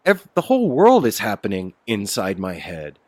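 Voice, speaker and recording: Animated, swearing man. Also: on the low side, normal speed, no echo. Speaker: podcast guest. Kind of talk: casual storytelling chat. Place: outdoor porch.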